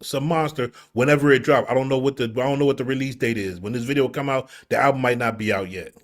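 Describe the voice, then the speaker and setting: A man hosting a casual interview, asking questions in a relaxed, slangy way and hyping up his guests. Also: medium pitch, fast talker. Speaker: interview host.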